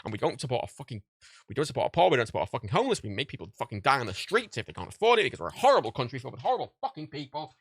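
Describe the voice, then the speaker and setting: A man putting on a mocking voice of a self-righteous American man who rants and swears in a fast tirade. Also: mid-range voice, very animated, husky, dry recording. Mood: sneering rant.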